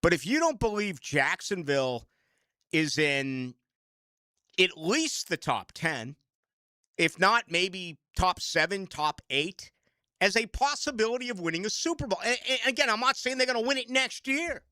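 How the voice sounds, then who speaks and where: Animated, ranting male radio host. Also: high voice, measured pace, dry recording. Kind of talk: casual radio talk. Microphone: studio microphone.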